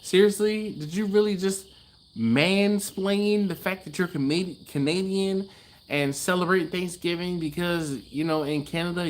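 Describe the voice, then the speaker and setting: A man's voice: fairly high pitch, a little hiss or hum. A man hosting a casual livestream from his garage, chatting loosely and reading out viewer comments with easy laughs. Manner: laid-back, chatty, laughs often, trails off. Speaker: livestream host. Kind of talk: casual live-stream chat reading comments.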